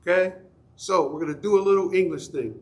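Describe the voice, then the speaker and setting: A man's voice: sits high, a little fast, darkish tone. A middle-aged man teaching an adult Sunday school class in a church, talking conversationally and asking the class questions. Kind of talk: Bible study teaching.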